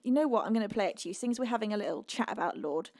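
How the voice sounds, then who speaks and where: A woman's voice: medium pitch, expressive, rapid-fire, darkish tone. A young woman from the UK, a singer-songwriter hosting a live stream, chatting casually, giggling often and reading out viewers' messages. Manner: chatty and giggly, reads chat aloud.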